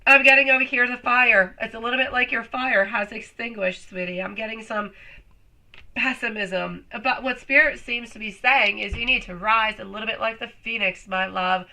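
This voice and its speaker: A woman's voice: on the high side, steady tone, normal speed, gravelly, sharp tone, rough recording. A woman doing a live tarot reading, chatty and affectionate, calling viewers sweetie and love, her voice still a little off while she recovers. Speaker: tarot reader.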